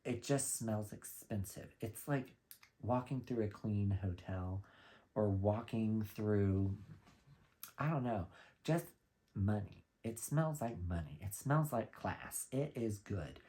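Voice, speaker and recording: Man, fairly low voice, blunt opinionated haul review, swears casually. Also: warm tone. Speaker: fragrance reviewer.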